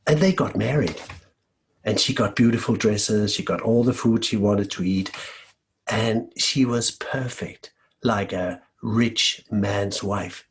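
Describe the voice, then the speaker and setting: A man from Denmark telling a folk tale aloud in a lively, expressive way. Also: lowish voice, slow pace. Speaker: storyteller. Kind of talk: oral folk-tale storytelling.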